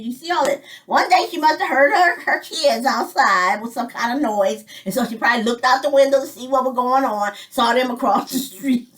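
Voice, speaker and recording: A woman's voice: high-pitched, a bit bright, recorded from a distance. A woman from Detroit telling rambling childhood stories in a casual way, jumping between memories and chuckling often. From Detroit, United States. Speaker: vlogger telling family memories. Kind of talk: casual storytelling.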